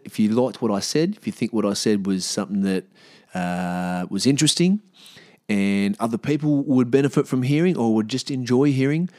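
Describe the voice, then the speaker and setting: A man's voice: mid-range voice, fairly quick, darkish tone, dry recording, studio quality. A man hosting his own podcast, talking casually and bluntly with plenty of swearing. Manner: blunt, swears freely, rambling. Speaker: podcast host. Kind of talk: casual solo podcast outro.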